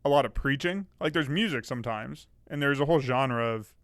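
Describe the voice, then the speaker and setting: A man's voice: mid-range voice, brisk, fairly bright tone, no room sound. A man co-hosting a podcast in a studio, chatting casually with dry, wry humor. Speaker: podcast co-host. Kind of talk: casual chat.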